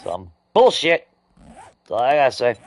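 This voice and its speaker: This gaming streamer's medium-pitched voice swings widely as he angrily curses his way through glitches in live gameplay commentary. He speaks unhurriedly, with slight background noise.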